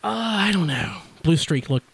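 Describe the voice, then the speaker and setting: A man hosting a podcast in casual chat, talking fast and blurring his words together, wide awake and energized. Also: on the high side, sing-song, creaky, husky. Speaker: podcast host.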